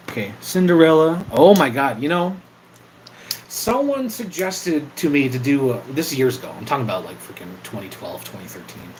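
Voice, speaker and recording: A man's voice: medium pitch, big pitch swings, normal speed, darkish tone, a little hiss or hum, poor audio. A man chatting casually on an impromptu livestream, rambling, swearing now and then, and reacting to viewer comments. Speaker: live streamer and video maker.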